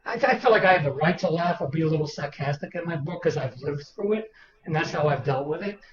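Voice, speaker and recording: Older man, lively storyteller, slightly high voice, distant roomy lo-fi sound with a crowd behind. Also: fast. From Boston, Massachusetts. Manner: animated anecdotal storyteller, acts out quoted people. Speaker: author guest. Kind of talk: storytelling interview.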